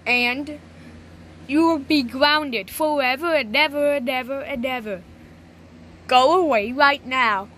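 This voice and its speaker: Voicing cartoon figures through text-to-speech, this synthetic woman's voice is high and a bit bright, and it takes things slowly. It portrays a stern adult authority figure who keeps scolding in a stiff, repetitive way, with faint hiss or hum behind it.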